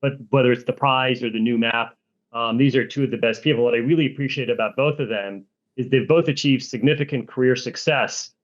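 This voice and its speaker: Earnest man on slightly dull audio. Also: mid-range voice. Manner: earnest, measured, enthusiastic recommending. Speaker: guest, energy analyst. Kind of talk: interview answers.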